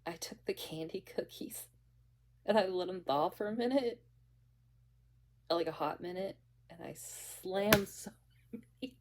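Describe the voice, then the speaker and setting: A woman's voice: mid-range voice, measured pace, long pauses, heavy background noise. A young woman casually telling a story about her bakery job, rambling with many restarts and fillers.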